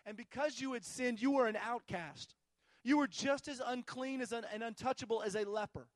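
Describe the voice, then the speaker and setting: Very high-voiced male pastor preaching. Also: normal speed, no echo. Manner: storytelling, emphatic repetition. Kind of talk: sermon.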